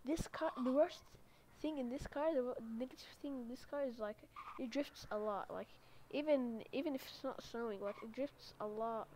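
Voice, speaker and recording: A gaming YouTuber with a fairly high voice chats casually at a moderate pace while commenting on her gameplay and reading internet slang aloud. Loud car-engine noise from the game sits behind her.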